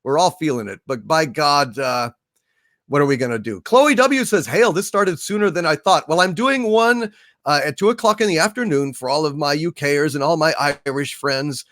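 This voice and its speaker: A man hosting a casual livestream, reading super chats aloud and toasting his viewers in a halting way with many fillers. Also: fairly high pitch, animated, a bit bright, no room sound. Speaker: livestream host.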